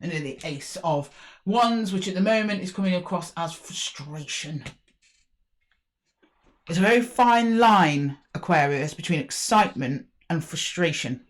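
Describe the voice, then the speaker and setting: A woman's voice: lowish voice, unhurried. A woman giving a casual, chatty tarot reading, speaking straight to the viewer. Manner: chatty, animated, talks directly to viewer. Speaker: tarot reader.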